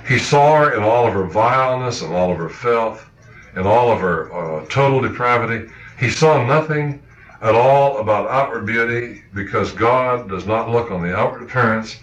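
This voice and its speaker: A man preaching a sermon, talking earnestly with halting restarts and acting out quoted thoughts. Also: medium pitch, animated, a bit bright. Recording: echoey, muffled old sermon recording.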